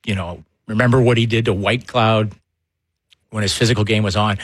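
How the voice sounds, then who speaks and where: A man, co-hosting a casual sports talk show and telling animated stories. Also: on the low side, fairly quick, breathy edge, dry recording, studio quality. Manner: animated storyteller, laughs often. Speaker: sports radio co-host, former player.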